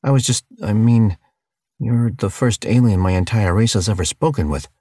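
A man's voice: on the low side, normal speed, mellow, no room sound, clean studio sound, pitched above the performer's own voice, natural voice. A man voicing a bewildered young human captive who answers with sarcasm and curses. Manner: sarcastic, cursing.

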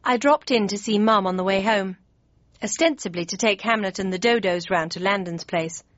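A woman narrating an audiobook in the first person with crisp, even storytelling. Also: mid-range voice, moderate pace, no room sound. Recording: dry, slightly dull studio read.

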